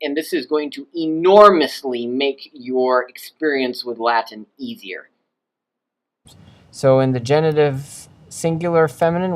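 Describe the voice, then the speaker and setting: A man teaching Latin in a video lesson, explaining grammar and swooping his pitch up and down to demonstrate pronunciation. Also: a little slow, poor audio.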